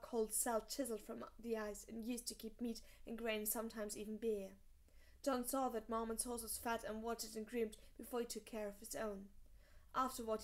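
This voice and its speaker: A woman reading a fantasy novel aloud as an audiobook narrator, steady and measured. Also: on the high side. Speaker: audiobook reader.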